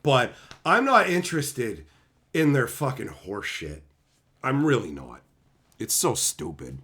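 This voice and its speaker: A man's voice: medium pitch, huge pitch swings, unhurried, sharp tone. A man hosting his own channel, ranting about stories in a heated, sarcastic, profane way. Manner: heated, sarcastic, swears constantly; mocking voices of imagined critics. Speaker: channel host. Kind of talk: profane opinion rant.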